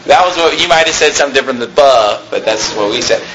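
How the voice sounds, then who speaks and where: A man's voice: mid-range voice, quick pace, slight background noise, poor audio. A man preaching a sermon to his congregation, telling a personal story and asking the room questions. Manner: lively storytelling with audience questions. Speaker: pastor.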